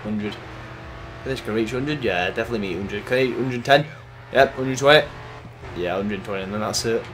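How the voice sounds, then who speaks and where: A man casually commentating his racing gameplay, chatty and excitable, cursing at the game. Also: lowish voice, normal speed. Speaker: gaming YouTuber. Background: game music.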